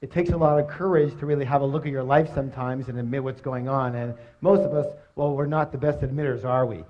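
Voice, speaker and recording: A man giving a motivational seminar talk, energetic and quizzing his audience with questions. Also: mid-range voice, fast. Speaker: seminar speaker. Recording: dull lo-fi recording.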